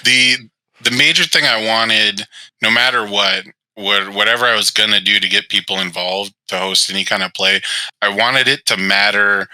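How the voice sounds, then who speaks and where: A man in casual chat as a guest tournament organizer, explaining at a measured pace with many fillers. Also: on the low side, bright, forceful tone, no room sound, poor audio.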